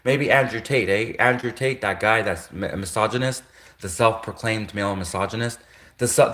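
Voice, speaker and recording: In an echoey room, a male livestream host rambles through a casual rant, repeating himself, restarting often, and chuckling along the way. He speaks with a fairly low pitch and a fairly bright tone.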